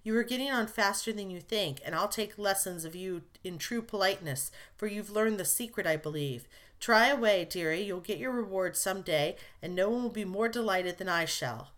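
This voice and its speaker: A woman's voice: mid-range voice, moderate pace, a bit bright, close to an everyday voice. A woman reading aloud as a blunt, spirited young woman who bursts into impulsive, emotional pleas. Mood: affectionate.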